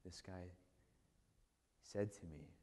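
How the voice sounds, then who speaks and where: A man, a priest, giving a casual, animated storytelling talk full of restarts and "like". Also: low voice, takes it slowly, background noise. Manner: animated, conversational, many restarts and "like". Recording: long hall reverb.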